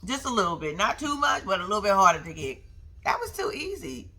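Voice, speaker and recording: A young woman recaps a reality show as a vlogger, sassy and animated, with a bright, forceful tone. Her pitch swoops all over the place as she talks back to the people on the show, and she keeps throwing slangy asides to her viewers. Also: fairly quick.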